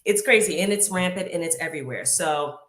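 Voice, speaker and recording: Low-voiced woman in an echoey room. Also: expressive, brisk, a bit bright. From Boston. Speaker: panel guest, real estate broker. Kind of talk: casual panel discussion.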